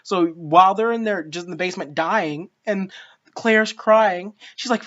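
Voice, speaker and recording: A woman's voice: on the low side, unhurried, fairly bright tone. A woman giving a casual spoken film review, ranting in an exasperated, profane way. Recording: dull lo-fi sound.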